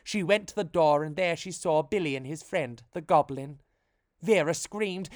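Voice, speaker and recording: A storybook podcast reader, narrating a rhyming tale in a playful, expressive way. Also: mid-range voice, moderate pace, dry recording, clean studio sound.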